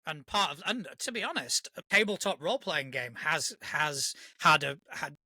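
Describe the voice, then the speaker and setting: Earnest man with a very bright voice. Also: a little high, expressive, normal speed, dry recording, studio quality. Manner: earnest and reflective, with restarts and "you know". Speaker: podcast co-host. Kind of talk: casual live-stream chat.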